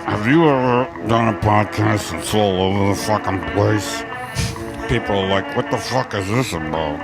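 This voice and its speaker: Man playing a cookie company spokesman, low voice, profane rambling patter, loud music behind. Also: moderate pace, vocal fry. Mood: rambling pitch. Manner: rambling pitchman patter, swearing, trailing off mid-thought. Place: outdoors in a park.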